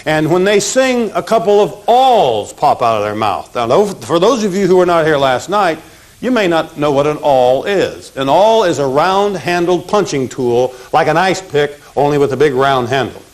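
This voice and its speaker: A man teaching a memory lesson from pictures, animated and punny, having his audience repeat phrases after him. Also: on the high side, moderate pace.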